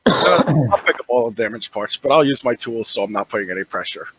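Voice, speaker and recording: A man's voice: mid-range voice, expressive, fast talker, a bit bright, husky, low-quality recording. A man playing a tabletop game, casually describing what his character does. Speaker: player.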